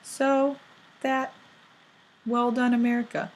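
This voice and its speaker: A woman's voice: on the high side, little pitch movement, slow, low-quality recording. A young woman from England with a British accent, chatting in a bubbly vlog full of likes and ums. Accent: British English. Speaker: vlogger. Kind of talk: casual vlog monologue.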